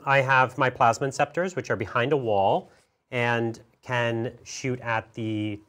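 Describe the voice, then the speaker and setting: Male wargamer, mid-range voice, halting casual play-by-play. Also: medium pitch, fairly even intonation, fairly bright tone. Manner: hesitant, halting with many fillers. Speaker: wargame player. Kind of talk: casual tabletop battle report chat.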